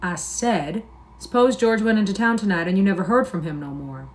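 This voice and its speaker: Reading a novel aloud, a woman voices a lonely, bitter older ranch hand who speaks slowly with a persuasive drawl. He broods and muses aloud, sometimes with scorn, at a middling pitch, and the acting is light, with a brooding, persuasive mood.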